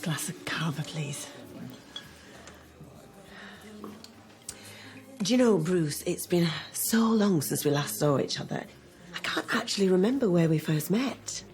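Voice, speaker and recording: An actress playing a dry, teasing wife in a sitcom. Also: female voice, on the low side, lively intonation, normal speed, a little mellow, lightly acted. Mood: amused. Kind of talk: sitcom acting.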